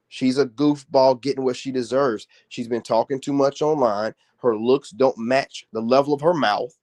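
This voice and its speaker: A man's voice: medium pitch, darkish tone. A man ranting on a livestream, confrontational and scolding, heavy on slang. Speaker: social media commentator.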